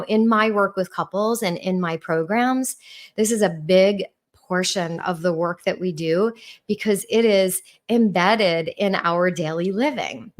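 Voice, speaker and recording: A middle-aged woman from New York with a New York accent, a relationship coach on a podcast speaking in a warm, calm tone with rising and falling intonation. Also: medium pitch. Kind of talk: podcast talk.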